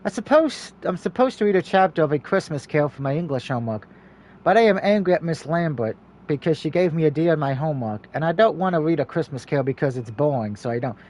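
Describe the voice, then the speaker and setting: A man streaming a story game, reading its text aloud and breaking off for quick, joking asides. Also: fairly high pitch. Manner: mixes steady reading with quick, jokey asides.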